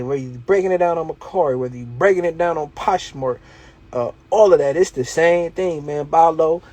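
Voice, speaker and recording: A man talks loosely on a livestream, full of street slang and hype as he coaches his viewers. His voice sits a little high for a man, and he laughs now and then between points. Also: a little mellow. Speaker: livestream host, reselling coach. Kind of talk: casual livestream talk.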